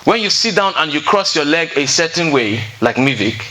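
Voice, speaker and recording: Poor audio captures a man whose voice sits a little high, sounding pushed, bright and expressive at a moderate pace. As a relationship speaker at a singles fellowship, he teaches a seated audience in a room. He talks conversationally, checks in often with the crowd, and recounts tales from his counseling sessions.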